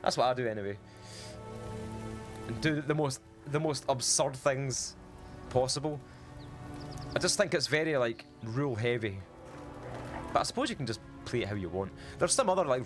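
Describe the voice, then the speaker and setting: A man's voice: mid-range voice, normal speed, long pauses, over music. A man with a Falkirk Scottish accent streaming a game and chatting to his viewers in a rambling, casual way. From Scotland. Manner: rambling, chatty, talks to chat. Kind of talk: casual gameplay chat.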